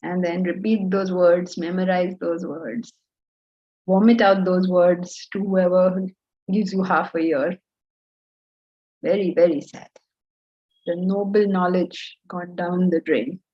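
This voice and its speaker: A woman with an Indian accent teaching Vedanta to students, animated and scolding, full of rhetorical questions. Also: on the low side, slow pace, pauses often, highs cut off. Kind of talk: lecture to students.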